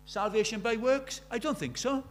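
A man's voice: very high-pitched, moderate pace. A man in his seventies preaching a sermon, pressing his congregation with earnest rhetorical questions. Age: 70s. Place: church.

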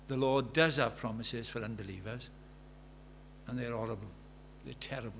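A man's voice: mid-range voice, normal speed, gravelly, a bit bright, slight background noise. A man in his sixties preaching a sermon in an earnest way, telling stories and building to fervent emphasis. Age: 60s. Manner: earnest, rising to fervent emphasis, storytelling asides.

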